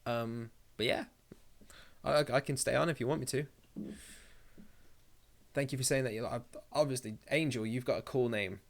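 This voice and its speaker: A man's voice: medium pitch, moderate pace, creaky, pauses often. Man, live streamer, casual chat, reading comments, rambling, jokey, swears a lot.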